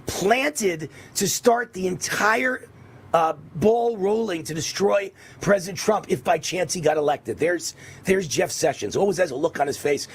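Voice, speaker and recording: A man hosting a political talk show, delivering an emphatic, repetitive monologue in a raspy voice. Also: high-pitched, unhurried. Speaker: radio and TV host.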